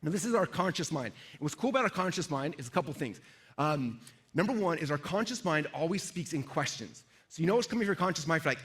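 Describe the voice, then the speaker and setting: A middle-aged man giving a lively live sales seminar, quizzing the audience and acting out inner voices. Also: fairly high pitch, fast. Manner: energetic, asks the audience questions, acts out inner voices. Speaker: sales trainer.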